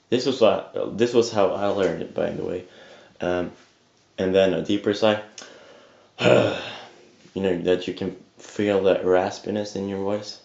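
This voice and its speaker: A man's voice: low-pitched, fairly even intonation, normal speed, gravelly, a little mellow. A young man who says he just woke up, giving a rambling, casual tutorial on harsh singing, full of fillers and restarts, with some swearing. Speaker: vocal tutor. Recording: echoey lo-fi home webcam audio.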